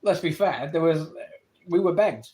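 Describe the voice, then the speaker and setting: A man's voice: fairly high pitch, lively intonation, a little mellow. A man with an English accent on a live stream, arguing his points to viewers and answering their comments. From England. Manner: argumentative, rapid back-and-forth rebuttals; reads viewer comments aloud and answers them. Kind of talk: live-stream debate with chat.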